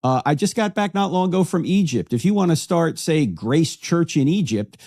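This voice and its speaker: A man's voice: on the high side, lively intonation, normal speed, darkish tone, no room sound, clean studio sound. A man guest author answering with wry anecdotes in an interview. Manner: wry storyteller.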